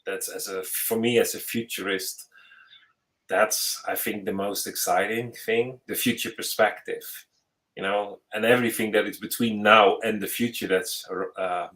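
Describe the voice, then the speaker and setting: A man's voice: lowish voice, steady tone, moderate pace, a bit bright, rough recording. A man hosting a podcast as a futurist, talking in a thoughtful, searching way with frequent restarts. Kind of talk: casual conversational interview.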